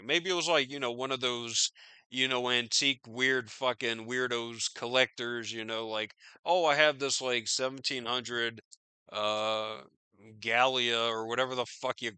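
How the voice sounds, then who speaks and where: Riffing on current events, this podcast host sounds incredulous, profane and rambling. He has a medium-pitched, sharp, clear and resonant voice, recorded dry.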